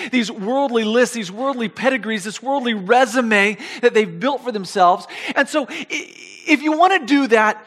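A man with a very high voice preaches a sermon in a big-sounding room. He's animated, reads scripture aloud, and often repeats his words.

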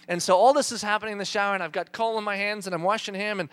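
Male pastor, thirties, animated self-mocking sermon storyteller; high, bright voice. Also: racing, clean tone. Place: church.

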